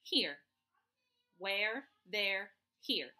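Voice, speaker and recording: A woman teaching first grade remotely, spelling sight words out slowly, letter by letter, to children. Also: mid-range voice, big pitch swings, sharp tone. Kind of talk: remote phonics lesson for children.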